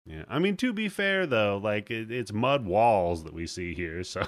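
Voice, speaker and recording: A man hosting a podcast, casually retelling a movie plot in an animated way and swearing freely. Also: on the low side, a little slow, a little hiss or hum. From United States. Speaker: podcast host. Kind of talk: casual movie-review chat.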